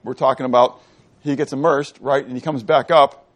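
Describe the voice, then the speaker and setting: A middle-aged man preaching a sermon, asking the congregation questions and answering them himself, moving between loud and quiet delivery. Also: mid-range voice, fairly even intonation, moderate pace. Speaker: pastor. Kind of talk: sermon teaching.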